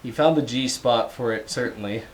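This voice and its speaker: A man's voice: medium pitch, moderate pace. A young man co-hosting a podcast, telling a story in casual chat with profanity and frequent laughter. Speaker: podcast co-host.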